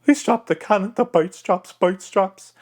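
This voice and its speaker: Ragetti, a squawking Cockney-ish pirate. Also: male voice, unhurried. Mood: excited. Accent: loosely Cockney. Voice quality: high, honking and pinched through pursed lips. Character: scrawny, jittery pirate man with a squawking voice.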